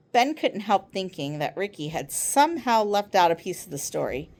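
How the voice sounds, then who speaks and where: A woman reads a children's novel aloud in an expressive storytelling manner. Her pitch moves in lively ups and downs. It sits in the middle of the range. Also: moderate pace. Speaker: reader.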